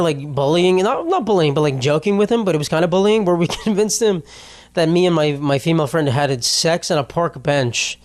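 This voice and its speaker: A young man with a voice a little higher than most talks through a solo podcast episode. He rambles and drifts off topic, swears freely and laughs at himself mid-sentence, with a self-deprecating edge. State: tearful after a loss. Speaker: podcast host. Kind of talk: casual solo podcast monologue.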